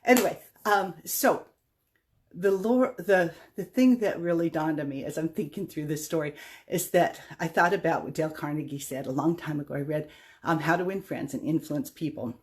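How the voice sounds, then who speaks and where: A woman's voice: sits low, normal speed. A middle-aged woman vlogging, telling a personal story in a chatty, rambling, self-deprecating way. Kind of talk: casual storytelling monologue.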